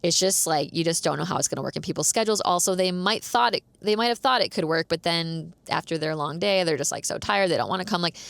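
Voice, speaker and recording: A woman's voice: lowish voice, fast, vocal fry, hardly any pauses, fairly bright tone, no echo. A young woman casually telling a story as a podcast host, chatty, filling her talk with "like" and laughing often. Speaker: podcast host and dance teacher.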